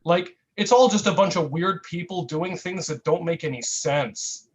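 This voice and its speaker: A man at an online open mic, reading a comic piece in a mock-earnest, satirical way and drawing out his deadpan asides. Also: fairly high pitch, moderate pace, rough recording. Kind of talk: comic spoken-word reading.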